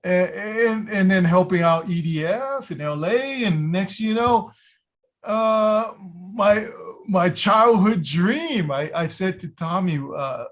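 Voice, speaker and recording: A man telling stories in a casual interview, animated, acting out quotes with lots of fillers and restarts. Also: high-pitched, takes it slowly. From United States. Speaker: guest, illusion builder.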